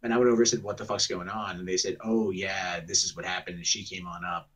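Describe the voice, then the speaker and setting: A man's voice: low voice, little pitch movement, fast, fairly bright tone, slightly rough. A man telling a long story on a call in a rambling, profane way, often mimicking what others said. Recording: muffled distant secretly recorded call.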